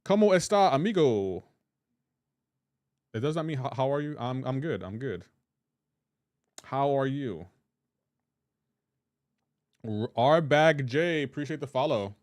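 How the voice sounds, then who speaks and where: Speaking at medium pitch, this man is unhurried and leaves long pauses, with no echo on the recording. During a casual chat on his live game stream, he jokes around, reads viewers' names and comments aloud, and ribs them about their pronunciation.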